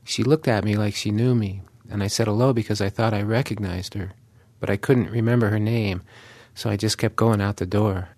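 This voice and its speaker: Low-voiced man musing in narration. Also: fairly even intonation, fairly quick, hardly any pauses, a little mellow, no echo. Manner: plain, musing storytelling. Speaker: radio contributor. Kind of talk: first-person reflective narration.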